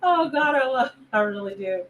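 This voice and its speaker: A woman's voice: high-pitched, expressive, moderate pace, distant mic, a little hiss or hum, poor audio. A woman hosting a live tarot stream, bubbly and chatty with her viewers. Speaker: tarot reader and show host. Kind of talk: live stream chat reading.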